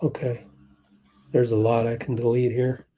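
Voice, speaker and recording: A young man hosting a casual sports livestream, thinking aloud and calling plays in quick bursts while chatting with viewers. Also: mid-range voice, flat delivery, dark tone. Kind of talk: casual live game commentary and chat.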